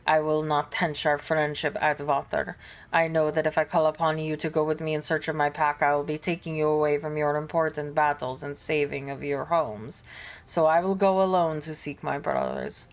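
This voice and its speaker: A woman's voice: sits low, flat delivery, normal speed. A woman reading a defiant, brooding space wolf warrior. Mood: earnest. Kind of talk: reading game dialogue aloud.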